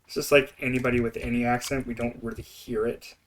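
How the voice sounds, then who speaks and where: A man's voice: mid-range voice, little pitch movement, fast, slight background noise. A young man with an Eastern Canadian accent, chatting and rambling while he streams a building game, often laughing. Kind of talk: casual gameplay commentary.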